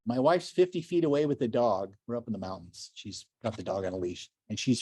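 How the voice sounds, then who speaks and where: An older man giving a lively, enthusiastic slide lecture to a club, full of chatty asides and gushing praise. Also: mid-range voice, a little fast, no room sound, clean studio sound. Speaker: naturalist lecturer.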